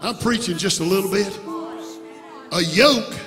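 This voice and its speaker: High voiced man preaching hard, dropping soft then shouting, echoey church w music behind. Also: a little slow. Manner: impassioned, swings from soft to shouted. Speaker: bishop preaching. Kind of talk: Pentecostal sermon. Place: church sanctuary. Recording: reverberant church hall with music.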